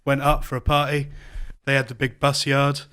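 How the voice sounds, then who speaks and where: A young man from Portsmouth telling a made-up story on a comedy podcast in a deadpan, hesitant way. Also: medium pitch, normal speed. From Portsmouth, England. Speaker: podcast co-host. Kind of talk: casual comedic podcast chat.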